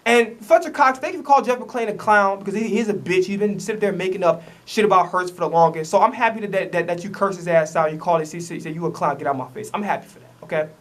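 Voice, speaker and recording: An upset, frustrated sports commentator vlogger rants angrily into his self-recording camera, swearing heavily and speaking emphatically. His high, fairly bright voice is quick with hardly any pauses, and he stumbles into repeated restarts whenever he gets heated.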